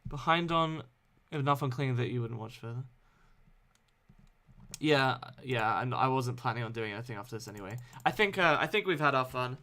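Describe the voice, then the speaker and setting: A man's voice: mid-range voice, lively intonation, fairly quick, pushed and bright. A man hosting a game stream and chatting casually with a friend, laughing often. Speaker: streamer host.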